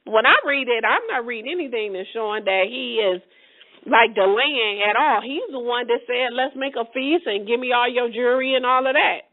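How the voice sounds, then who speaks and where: A woman Bible teacher, reading verses aloud and explaining them in a casual, lively way. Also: a little high. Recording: tinny phone-line audio.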